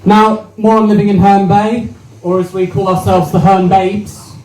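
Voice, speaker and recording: Young guy doing stand-up, high voice, swears a lot, sounds far off in an echoey room. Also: flat delivery, normal speed, darkish tone, soft background music. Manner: brash, sweary, chatty with the crowd. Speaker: stand-up comedian. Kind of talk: stand-up comedy set. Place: small venue with a live audience. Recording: roomy, distant mic with faint noise.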